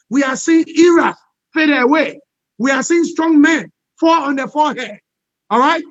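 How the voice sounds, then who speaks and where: A man's voice: extremely high pitch, no room sound. A man from Liberia, speaking as an interview guest and peace expert in impassioned political commentary, emphatic and repetitive, checking in with the listener again and again. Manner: emphatic, repetitive, punctuates points with "all right?". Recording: dull lo-fi dry sound.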